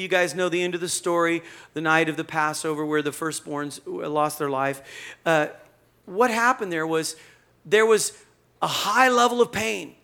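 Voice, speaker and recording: A male pastor preaching a sermon in a conversational, animated storytelling manner. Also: sits high.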